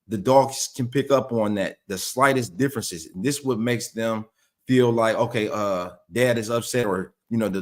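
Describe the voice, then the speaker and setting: A man in casual conversation, explaining dog training earnestly and often repeating words as he searches for them. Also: mid-range voice.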